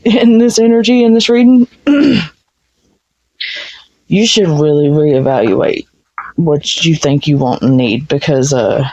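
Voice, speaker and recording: A woman's voice: deep voice, unhurried, pauses often, mellow. A woman giving a casual tarot reading, blunt and frank, swearing freely. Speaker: tarot reader. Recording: dull lo-fi sound.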